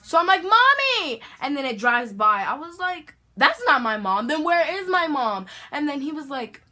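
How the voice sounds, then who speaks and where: A teenage girl vlogger telling a storytime tale in a dramatic, animated way, full of slang. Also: high-pitched, moderate pace. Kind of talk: storytime vlog.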